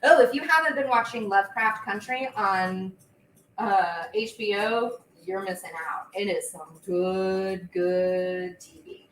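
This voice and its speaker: A woman's voice: mid-range voice, a little slow, fairly bright tone. Young woman, host, casual livestream chat, bubbly, chatty, echoey room, faint background hum. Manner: chatty and bubbly, with frequent fillers. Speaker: host and singer.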